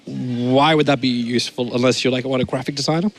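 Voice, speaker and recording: A man casting an esports match at a fast clip. He keeps drifting into playful, rambling stories and jokes with his co-casters. His pitch is mid-range. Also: fairly even intonation. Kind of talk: casual casting banter.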